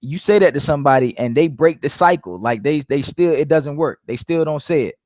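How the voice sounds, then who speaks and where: A man's voice: on the high side, a little fast, a little mellow, no echo. A man giving casual sales coaching, repeating his points emphatically and calling his listeners "guys". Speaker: network marketing coach.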